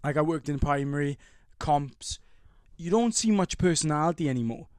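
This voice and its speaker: Chatty man, slightly high voice. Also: normal speed, clean tone, dry recording, clean studio sound. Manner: animated, swearing, banter-heavy. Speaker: podcast co-host. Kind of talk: casual chat.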